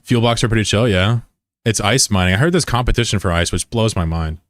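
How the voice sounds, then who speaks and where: A man's voice: fairly low pitch, brisk, no room sound, clean studio sound. A man streaming a game and chatting casually with his viewers, rambling and joking at his own expense. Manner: rambling and digressive, with many restarts; joking, self-deprecating.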